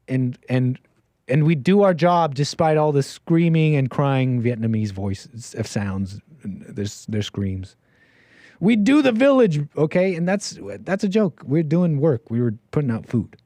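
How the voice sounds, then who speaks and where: Dude hosting a call-in stream, kinda high voice, jokey and rambly, super dry close mic. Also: male voice, no room sound. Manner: jokey, rambling, swings loud and high for emphasis. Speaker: call-in show host. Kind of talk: casual livestream talk.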